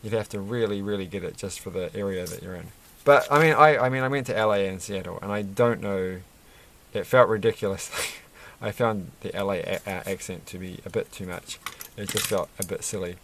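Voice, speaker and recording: A Lego reviewer with a somewhat low, slightly bright voice talks briskly while assembling a set at his desk. The casual chat wanders, full of fillers and restarts.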